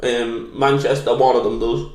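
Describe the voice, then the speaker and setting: A man's voice: medium pitch, level tone, normal speed, darkish tone, echoey room. A young man from Liverpool with a Scouse accent, a podcast guest telling a long, crude, self-deprecating story in casual chat.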